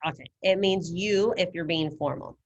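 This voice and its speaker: A woman teaches a Spanish class over a video call, her lowish voice coming through a computer mic with lo-fi sound. At a normal pace, she explains patiently and encouragingly, one step at a time.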